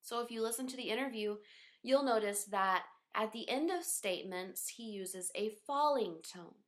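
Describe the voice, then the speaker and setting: A woman hosting a podcast for English learners, interviewing a guest and explaining a lesson in a clear teaching tone. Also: fairly high pitch, normal speed.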